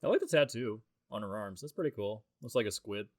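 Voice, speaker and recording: Animated and fairly quick, a man with a lowish voice riffs casually over a film in a commentary track. It's a clean, echo-free studio recording, and his talk meanders with plenty of fillers and restarts.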